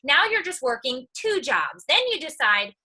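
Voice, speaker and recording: A woman speaks on a live video stream with a very bright, sharp tone and a fairly high voice. She tells stories in a chatty, candid way with a streak of humor, giving a motivational talk to fellow moms. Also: big pitch swings, normal speed, low-quality recording. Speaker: online video creator and mom.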